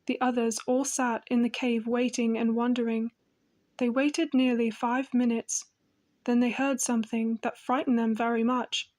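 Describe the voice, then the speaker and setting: A woman narrating a children's fantasy audiobook in a gentle, even manner. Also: fairly high pitch, moderate pace. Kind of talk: storybook narration.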